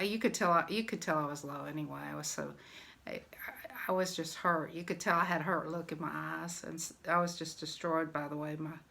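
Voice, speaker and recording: A woman's voice: mid-range voice, sharp tone. An older woman with a Southern US accent, telling a personal story in a rambling, emotional vlog. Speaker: vlogger.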